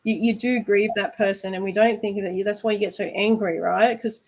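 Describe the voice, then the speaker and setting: A woman's voice: medium pitch, fairly even intonation, brisk, poor audio. A woman hosting a candid conversation, earnest and reflective, often asking "right?". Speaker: host.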